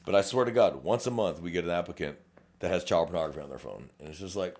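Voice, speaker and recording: Fast-talking blunt Texas lawman. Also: sits low, darkish tone. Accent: South Texas. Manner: blunt, profane, rapid-fire, acts out quoted exchanges. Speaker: podcast co-host, police officer. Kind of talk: casual chat.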